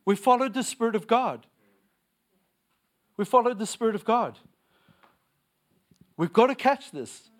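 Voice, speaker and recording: A man's voice: extremely high pitch, animated, a little slow, pauses often. A young man preaching a sermon, repeating lines for emphasis and telling stories with laughter.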